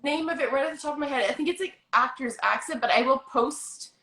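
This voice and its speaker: A Canadian woman with a Canadian accent hosts a casual chat. She talks fast and keeps saying yeah. Her voice is bright, and it echoes around the room. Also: high-pitched. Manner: fast-talking, affirming with frequent yeahs. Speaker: host.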